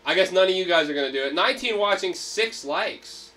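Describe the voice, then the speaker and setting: A man hosting a casual livestream, rolling from chat into hyped, profane rants. His voice sits high with a bright, sharp edge. He sounds a little away from the mic. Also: lively intonation, fairly quick, recorded from a distance. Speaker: livestream host.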